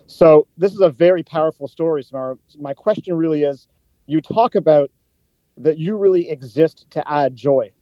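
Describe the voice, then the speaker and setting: A man's voice: fairly high pitch, normal speed, dry recording. A man from Canada joining a talk show to ask the guest an earnest, polite question. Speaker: audience member with a question. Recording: dull, lo-fi sound.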